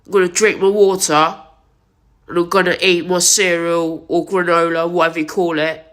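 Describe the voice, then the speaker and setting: A vlogger, crying and sniffling while talking, halting and repeating themselves with many restarts, speaking into a wired earphone mic. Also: medium pitch, level tone, a bit bright. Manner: halting, repetitive, many restarts and self-corrections. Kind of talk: emotional confessional vlog. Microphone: wired headset or earphone mic.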